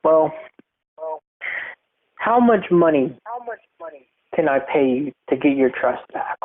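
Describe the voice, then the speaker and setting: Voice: medium pitch, animated. A young host putting on a whiny pleading president. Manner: slow, pleading, self-pitying. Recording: tinny phone-like recording, faint hiss.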